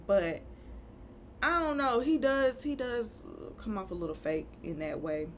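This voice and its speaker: A woman's voice: lowish voice, expressive, measured pace, a little hiss or hum. A woman giving a chatty, opinionated recap of a reality show, full of rhetorical questions and asides. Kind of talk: casual recap rant.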